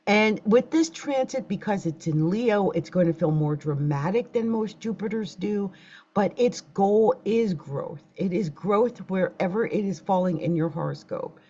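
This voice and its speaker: Lively-voiced woman hosting an astrology livestream. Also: mid-range voice, a little slow. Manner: chatty, talks straight to viewers, gets flustered by tech trouble. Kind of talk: casual livestream astrology reading. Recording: dull lo-fi livestream audio.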